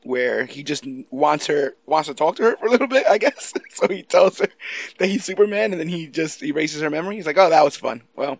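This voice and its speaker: A man chatting casually about movies, animated and laughing often, swearing now and then. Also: a little high, brisk, no room sound.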